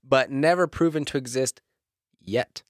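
A man's voice: medium pitch, unhurried, dry recording, studio quality. A man co-hosting a podcast, chatting casually with friends, swearing a lot and laughing often. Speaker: podcast co-host leading the episode.

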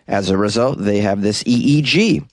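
A man hosting a comedic news commentary, reacting sarcastically to stories and tossing in jokes and quick asides. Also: lowish voice, no echo. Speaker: host.

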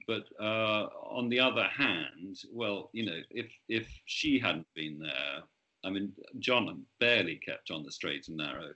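A man's voice: low-pitched, sharp tone. A man, an author, talking about his book in an interview, hesitant with many restarts.

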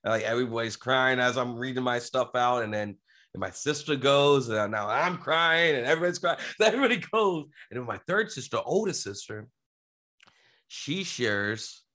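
A man's voice: mid-range voice, animated, fairly quick, sharp tone. Man, middle-aged, podcast guest; earnest casual storyteller, rambling.

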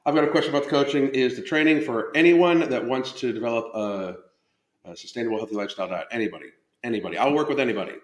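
Here a podcast host and fitness coach talks very fast in a mid-range voice during a casual live stream about his coaching. His speech is loose and full of profanity, with sentences abandoned and begun again. It's recorded in a room at home with a roomy echo.

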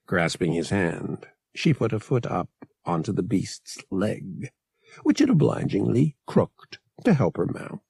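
A man reading an audiobook in measured, expressive scripted narration. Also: lowish voice, vocal fry, breathy edge, dry recording, studio quality.

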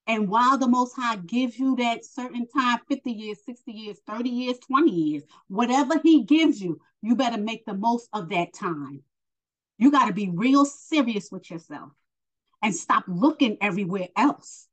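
A woman's voice: fairly high pitch, expressive, moderate pace, highs cut off. A woman preaching informally and earnestly, encouraging the listener and addressing them as honey, emotional and close to tears. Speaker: spiritual teacher.

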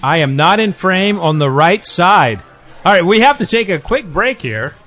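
A man's voice: high voice, sing-song, normal speed, a bit bright, faint music behind. A man hosting a food and drink podcast from a bar, talking in a loose, joking, rambling way. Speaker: podcast host. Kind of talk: casual chat.

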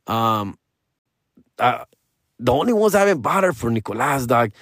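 A man in a loose, profane rant, dropping Spanish phrases as he goes. His pitch swings high and low from line to line. The sound is close and dry, with no room around it. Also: moderate pace, dry recording. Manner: profane slangy talk, switching into Spanish phrases; animated, pitch jumping up and down. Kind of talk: casual rant.

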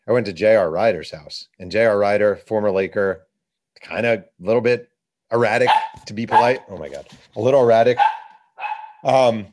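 A man, an author and journalist, telling lively anecdotes as a guest in a conversation. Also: fairly low pitch, a little hiss or hum. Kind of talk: conversational storytelling.

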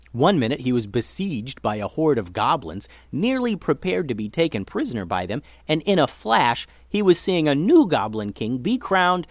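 A man reads a children's story aloud as its host, expressive and varying his pace. His pitch sits in the middle range, and the recording is dry and close. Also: no echo.

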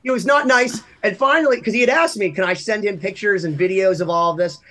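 A man's voice: high voice, fast, pushed and bright. A man from Massachusetts, a podcast co-host, telling rambling, self-deprecating anecdotes in casual chat. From Massachusetts, USA.

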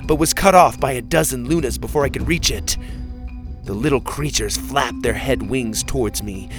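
A man narrating a children's adventure story in the first person, with expressive storytelling. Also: mid-range voice. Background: faint music.

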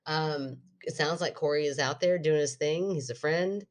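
A woman co-hosting a podcast, telling stories in a casual, animated way and acting out other people's lines. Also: low-pitched, normal speed. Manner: animated storyteller, acts out quotes. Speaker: podcast co-host. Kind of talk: casual chat.

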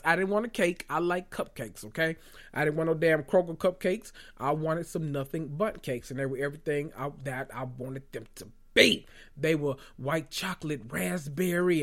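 A man with a somewhat high voice hosts a casual podcast. He talks straight to his listeners in a lively, sassy, profane way as he rants about reality TV. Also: gravelly. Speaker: podcast host. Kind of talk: casual reality TV gossip monologue.

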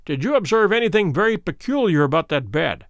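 A man voicing a shrewd, calm middle-aged male detective in a storybook reading, speaking in measured, probing questions. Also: a little high, no room sound, clean studio sound.

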